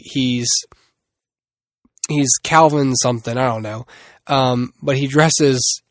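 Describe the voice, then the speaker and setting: A man's voice: medium pitch, dry recording, studio quality. A man hosting a solo movie review podcast, rambling and restarting often with many fillers. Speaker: podcast host.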